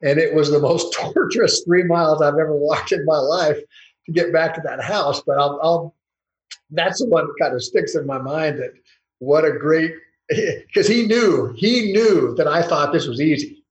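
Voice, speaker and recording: A football coach tells long, casual anecdotes in a storytelling interview, rambling, restarting often, and chuckling. His voice is fairly high and moderately paced. The sound is reverberant and dull.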